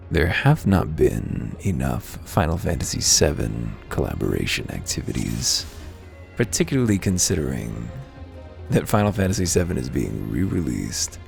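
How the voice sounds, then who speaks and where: A man's voice: rumbling low, wildly swooping pitch, unhurried, vocal fry. A man with hiccups giving wry, profane let's-play commentary over faint game music. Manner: wry, profane, mumbled asides. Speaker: gamer playing through a story.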